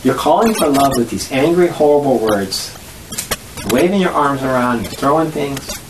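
A spiritual study group teacher giving a lesson to a group, animated, laughing often and acting out voices. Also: medium pitch, moderate pace, roomy sound, noisy background.

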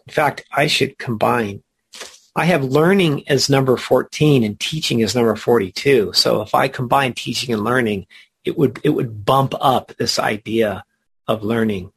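A man's voice: mid-range voice, normal speed, vocal fry, a bit bright, slightly rough. A man teaching a spiritual study group, earnest and emphatic, drawing out key words, with chatty asides between readings.

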